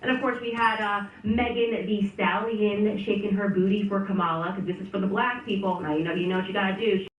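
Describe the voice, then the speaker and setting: A woman's voice: mid-range voice, fairly even intonation, fairly quick, hardly any pauses, roomy sound, recorded from a distance, narrow, tinny audio. A woman giving sarcastic political commentary between played clips. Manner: sarcastic, mocking.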